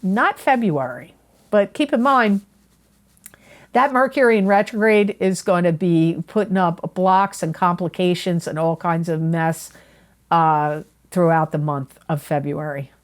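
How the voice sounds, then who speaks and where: A woman's voice: on the low side, a little slow. A woman reading tarot for viewers in a chatty, earnest way, often repeating herself and correcting her own words. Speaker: tarot reader. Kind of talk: monthly astrology forecast to camera.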